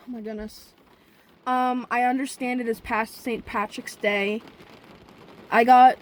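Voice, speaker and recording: A young woman with a high voice tells a story in a casual vlog. She speaks straight to her viewers, rambling and chatty. Now and then she breaks into sudden profane outbursts. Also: slight background noise. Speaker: vlogger.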